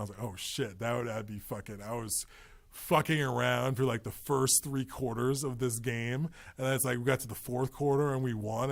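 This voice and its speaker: A man's voice: medium pitch, vocal fry. A man hosting a podcast in a loose, rambling monologue with profane, joking asides. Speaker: podcast host.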